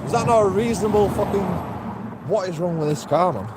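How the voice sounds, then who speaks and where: A street video blogger with a high-pitched voice talks briskly into a handheld camera outdoors, rambling profanely and sometimes laughing to himself. Street ambience and traffic noise fill the background.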